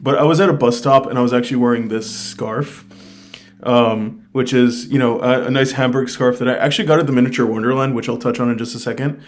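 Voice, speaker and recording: A man's voice: medium pitch, steady tone, fairly quick. An American man talking casually to his viewers in a travel review, enthusiastic and peppering his speech with "like" and "I mean". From United States. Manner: chatty, fills speech with "like" and "I mean"; enthusiastic, recommends things directly to viewers. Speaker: travel vlogger. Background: faint guitar music.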